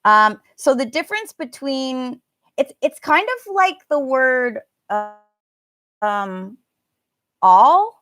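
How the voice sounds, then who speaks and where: A woman runs a live online English pronunciation lesson in a relaxed, chatty way. She draws out vowels slowly so learners can hear them. Her voice sits a little high with a bright edge, recorded dry and close. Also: dry recording. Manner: chatty, drawn-out demonstration of vowel sounds. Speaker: English teacher.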